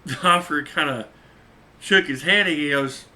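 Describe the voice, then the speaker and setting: A man's voice: a little high, moderate pace, bright, forceful tone. A man who drives a truck, telling a story casually, chuckling often and repeating his points for emphasis.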